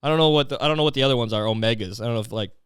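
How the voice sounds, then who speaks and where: A man's voice: medium pitch, very fast, fairly bright tone, clear, resonant tone, no room sound, clean studio sound. Profane ranting male podcast host. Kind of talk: solo comedic rant.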